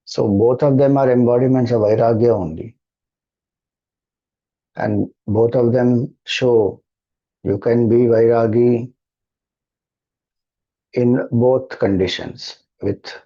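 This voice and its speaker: Indian male spiritual teacher, mellow and unhurried, slightly dull recording. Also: mid-range voice, vocal fry. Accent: Indian English. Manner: slow, measured, calm teaching cadence. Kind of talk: devotional talk and Q&A.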